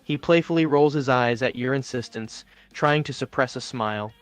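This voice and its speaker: A man's text-to-speech voice acting as an AI chatbot co-host, narrating its own actions in the third person with smooth, even delivery. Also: mid-range voice, moderate pace, few pauses, soft background music.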